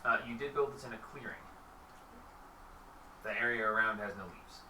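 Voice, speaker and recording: Bright-voiced man running a tabletop game. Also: lowish voice, moderate pace, roomy sound, far from the mic, slight background noise, poor audio. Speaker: game master.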